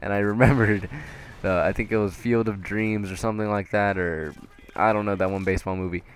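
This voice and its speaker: Low-voiced young man rambling about work. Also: steady tone, a little fast, a little hiss or hum. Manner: rambling, laughing often, lots of fillers. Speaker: fast-food worker. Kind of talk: casual storytelling vlog.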